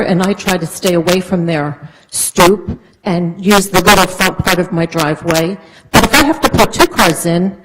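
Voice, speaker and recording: Poor audio with slight background noise captures a woman of medium pitch and somewhat bright tone. She is a resident giving public comment at a town council meeting, explaining earnestly and at length while leaning on frequent fillers.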